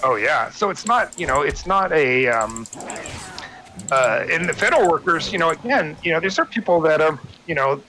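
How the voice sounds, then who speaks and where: A man's voice: on the high side, expressive, normal speed, sharp tone, a little hiss or hum, low-quality recording. A man ranting in casual chat, swearing often and restarting his sentences. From United States. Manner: profane, rambling rant with many restarts. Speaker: guest chatting on a stream.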